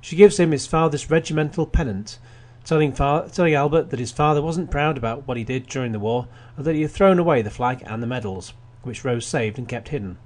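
The man's voice is medium-pitched and darkish, his delivery brisk with hardly any pauses. Hosting a casual radio film show, he reads plot summaries, slips in wry comments, and restarts often.

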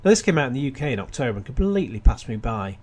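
A man's voice: mid-range voice, very animated, very fast, darkish tone, husky. A man hosting a radio film show, reading plot summaries with wry asides and frequent restarts. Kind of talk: casual radio film review.

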